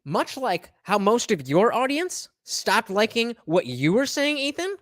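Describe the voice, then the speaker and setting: Sarcastic man with a lively, swooping voice. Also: high voice, unhurried, dry recording, clean studio sound. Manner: mocking, sarcastic, mimics the people he reacts to. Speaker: commentator reacting to podcast clips. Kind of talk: sarcastic reaction stream commentary.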